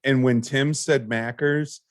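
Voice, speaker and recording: A man hosts a casual podcast interview, animated and talkative. His voice sits at a middle pitch. The sound is dry. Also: slow, no echo. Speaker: podcast host.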